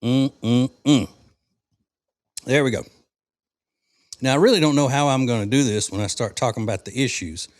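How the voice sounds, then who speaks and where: A man's voice: mid-range voice, moderate pace, long pauses, dry recording, clean studio sound. A middle-aged man from the South, hosting a casual cigar-smoking podcast chat in a rambling, folksy way with fillers and restarts. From American South. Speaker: podcast host.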